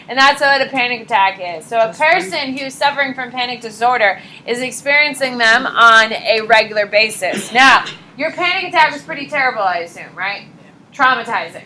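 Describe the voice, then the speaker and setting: A young woman teaching high school psychology in a classroom, chatty and animated, often saying "like" and "uh". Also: slight background noise, low-quality recording. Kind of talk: casual classroom lecture.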